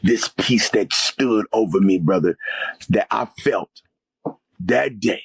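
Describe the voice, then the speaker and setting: A man's voice: fairly low pitch, takes it slowly, creaky, breathy edge, no echo. A man, a guest on the show, telling an emotional spiritual testimony in a fervent, vivid way and often calling his listener "man" or "brother".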